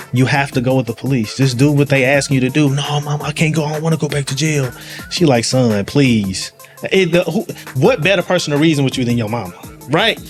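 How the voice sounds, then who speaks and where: A police sergeant with a St. tells stories in easygoing street slang. He slips in and out of the voices of the people he met, keeping it conversational. Faint music sits under his voice throughout. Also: mid-range voice. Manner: animated storyteller, acts out voices, slangy. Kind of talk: casual storytelling conversation. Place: live event venue.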